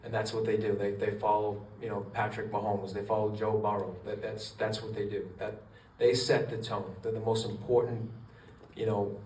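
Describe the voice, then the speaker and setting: A man talks steadily with many fillers, as if in an interview. His voice is fairly low and flat. He sounds distant in an echoey space, with faint ambience behind him. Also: moderate pace. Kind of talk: interview remarks.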